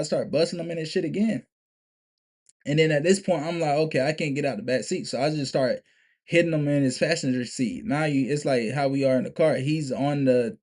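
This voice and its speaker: A man's voice: medium pitch, a little mellow. A young man telling a story to camera in a casual, profane, emphatic way, restarting and repeating himself often. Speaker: vlogger.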